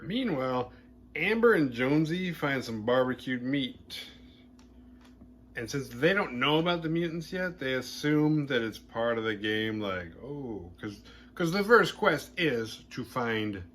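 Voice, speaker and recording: A man hosting a horror movie podcast, retelling a film's plot in a casual, animated and playfully crude way. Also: lowish voice, a little hiss or hum.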